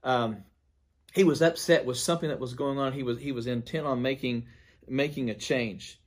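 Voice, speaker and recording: A man's voice: mid-range voice, moderate pace. Earnest pastor recounting a dream, man. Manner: earnest, with loudness swinging from emphatic to near-hushed.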